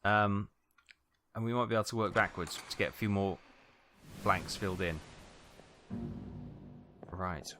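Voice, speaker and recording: A man's voice: lowish voice, measured pace, pauses often, bright, forceful tone. A man giving casual let's-play commentary, chatty and thinking aloud. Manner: chatty, muttering to himself as he thinks. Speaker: gaming video host. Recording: game music playing underneath.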